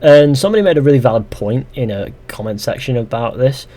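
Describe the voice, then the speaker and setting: Warm in tone and quick in pace, a young streamer's medium-pitched voice moves with lively intonation. He plays a game live, chatting easily, reading out viewer comments and answering them with dry sarcasm.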